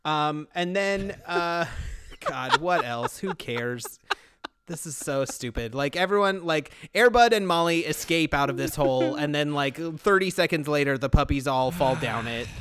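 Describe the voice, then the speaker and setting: A man's voice: fairly high pitch, animated, measured pace, fairly bright tone, clear, resonant tone. A man co-hosting a podcast, sarcastically recapping a movie in a rambling way with lots of restarts. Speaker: podcast co-host. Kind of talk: casual movie recap chat.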